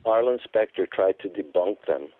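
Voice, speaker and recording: A man's voice: low-pitched, lively intonation, moderate pace, no echo. A man as a radio guest, telling his account emphatically and repeating words for stress. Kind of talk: phone-in radio interview. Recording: tinny phone line.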